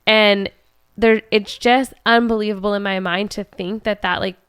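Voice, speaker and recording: A woman hosting a podcast, talking in a relaxed, casual way and thinking aloud as she goes. Her voice is smooth and resonant at a mid pitch, recorded close and dry with no room sound. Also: normal speed, dry recording. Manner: relaxed, reacts with short exclamations and restarts. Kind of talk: casual chat.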